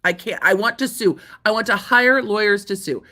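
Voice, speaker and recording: A woman acting out an indignant man ranting to his lawyer, slow emphatic outraged delivery, swearing, bright forceful tone, lifting a little in pitch. He sounds fed up and insistent. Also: lightly acted.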